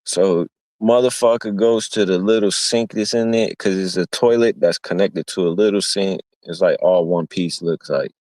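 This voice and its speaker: Deep-voiced man telling a rowdy street story. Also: normal speed, a little mellow, dry recording. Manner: profane, rambling street-talk storytelling; acts out quoted voices. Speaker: streamer. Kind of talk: casual storytelling. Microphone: streaming mic.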